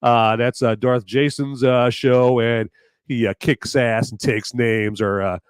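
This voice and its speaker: A hoarse man hosts a live show, rambling along and cracking jokes. His pitch sits at an ordinary middle height. The sound is dry and close, with no room around it. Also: steady tone, a little slow, no echo. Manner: rambling and jokey. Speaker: podcast host. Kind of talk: live casual chat.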